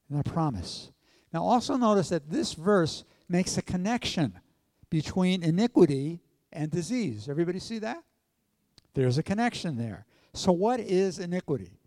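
A man preaching a sermon at a measured pace, putting questions to his congregation. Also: on the high side, a little mellow, dry recording, long reverb tail. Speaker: pastor.

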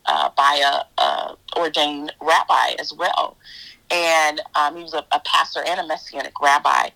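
A woman guest minister telling her faith testimony in an interview, animated and storytelling, often repeating her own words in quotes. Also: sits low, poor audio.

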